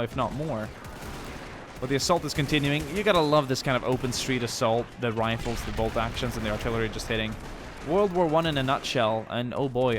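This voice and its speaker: A man's voice: medium pitch, a little fast, noisy background. A young man giving joking, rambling commentary over a war game. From Sweden. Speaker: gameplay commentator. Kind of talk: gameplay commentary. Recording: game battle sounds loud behind. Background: gunfire and artillery from the game.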